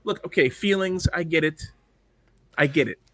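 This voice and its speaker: A man's voice: fairly high pitch, moderate pace, a bit bright, no echo. A man co-hosting a podcast in casual chat, blunt and profane, rambling with lots of fillers. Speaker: podcast co-host.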